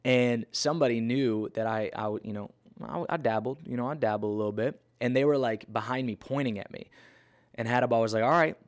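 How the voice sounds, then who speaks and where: Animated man preaching a personal story. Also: medium pitch, fairly quick. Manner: animated, conversational, with fillers and restarts. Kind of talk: storytelling sermon.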